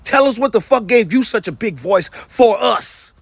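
Mocking male ranter, high husky voice, dry sound. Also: lively intonation, moderate pace, no echo. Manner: sarcastic, profane, mocking. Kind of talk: angry rant.

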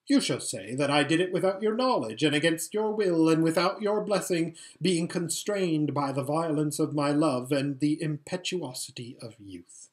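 A man's voice: on the high side, lively intonation, normal speed, hardly any pauses, lightly acted. A man voicing an arrogant young male prince who speaks eagerly and pompously.

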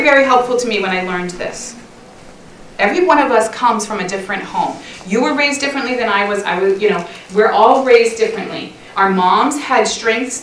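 A middle-aged woman giving a lively, chatty talk at a women's church conference session, often laughing and acting out little quoted lines. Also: mid-range voice, slight background noise. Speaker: conference speaker. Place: church hall. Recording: echoey church hall recorded from far off.

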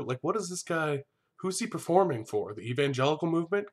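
A man hosting a comedic TV recap, talking in a sarcastic, profane way with deadpan asides. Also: mid-range voice, a little fast.

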